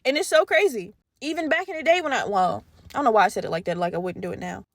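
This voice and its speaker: A young woman hosting a casual solo podcast, talking candidly with lots of profanity and animated storytelling. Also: on the high side, fast, no room sound. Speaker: podcast host.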